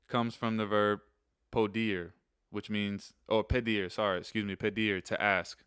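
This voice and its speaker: Young guy chilling while he teaches spanish phrases, lowish smooth voice, dry close sound. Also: no room sound. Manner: relaxed, rambling explanations with fillers, slows down to repeat phrases. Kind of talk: casual instructional video.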